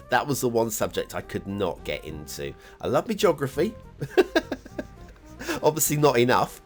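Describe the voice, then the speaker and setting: A man hosting a game map review show, talking casually in a rambling, chatty way with chuckling asides. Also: mid-range voice. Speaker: host reviewing game maps. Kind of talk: casual commentary.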